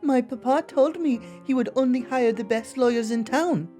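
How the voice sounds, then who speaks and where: A woman voicing a pampered, polite young noblewoman who is a cat, in a high, sweet voice. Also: normal speed, warm tone, faint music behind, close to an everyday voice.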